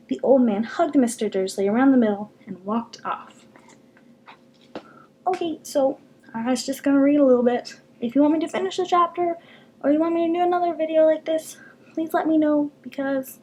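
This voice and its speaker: A woman reading a novel aloud on a video, telling it expressively with dramatic pauses. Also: sits high, mellow, slight background noise, rough recording.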